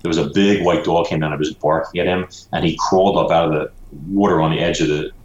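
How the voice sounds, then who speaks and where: A man's voice: low voice, steady tone, fast, roomy sound, highs cut off. A man who is an author, telling a story animatedly in a conversational interview and saying "you know" often. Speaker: author guest.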